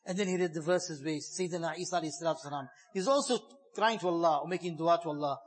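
A man preaching a sermon on scripture, building to emphatic stress and then falling soft and low. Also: very fast.

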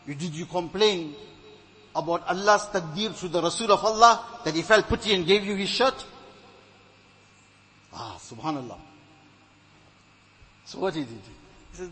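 A man's voice: a little high, moderate pace, a bit bright, slight background noise, rough recording. A man preaching a sermon, earnest and exhorting, telling stories with retold dialogue.

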